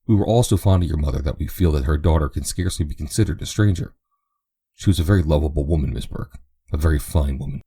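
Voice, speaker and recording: A man reading the part of a courteous young ranch man in a gentle, reassuring way. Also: a bass voice, fast, husky, exaggerated voice.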